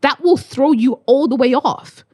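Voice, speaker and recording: A young woman from Australia, a spoken word poet, telling stories in a casual conversation, animated and swearing freely. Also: sits high, normal speed, breathy edge, no echo, studio quality. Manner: animated, swears freely, acts out voices in anecdotes.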